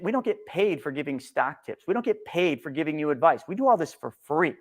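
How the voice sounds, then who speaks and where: Blunt, sarcastic male market commentator. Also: sits high. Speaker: co-host. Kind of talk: live-stream market commentary.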